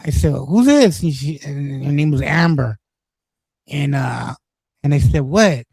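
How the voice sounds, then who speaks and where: A man in his forties chats casually on a stream, rambling and swearing through stories. His voice sits a little high but sounds mellow and dark. The close mic leaves the sound dry. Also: fairly even intonation, measured pace, creaky, slightly rough, dry recording, poor audio. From East Los Angeles. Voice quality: profane, rambling, many restarts. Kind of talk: casual storytelling chat.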